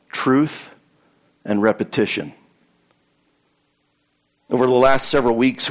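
A man's voice: medium pitch, muffled recording. A man preaching a sermon to a congregation in a conversational way, telling anecdotes and repeating key points for emphasis. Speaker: pastor.

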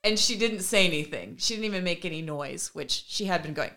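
A woman co-hosting a podcast, telling a parenting story in a casual, animated way and acting out the conversations. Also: fairly low pitch, fairly quick. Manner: animated, acts out remembered conversations with laughs. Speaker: podcast co-host and mother.

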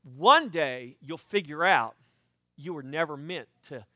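An older man, a pastor, preaching a sermon with lively swings between quiet asides and loud emphatic bursts. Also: on the high side, unhurried, no room sound, studio quality.

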